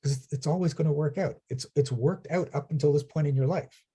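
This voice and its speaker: A man's voice: on the high side, fairly quick, dark tone, breathy edge. A man coaching a client, telling stories and often checking in with "right?". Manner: storytelling, asks "right?" often. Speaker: business coach. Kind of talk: coaching session.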